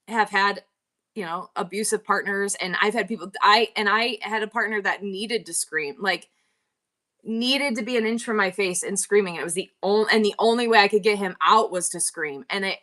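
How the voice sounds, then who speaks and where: A woman's voice: mid-range voice, pushed and bright. A middle-aged woman hosting a live selling stream, talking candidly and rambling with frequent laughs. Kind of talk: casual live-stream chat.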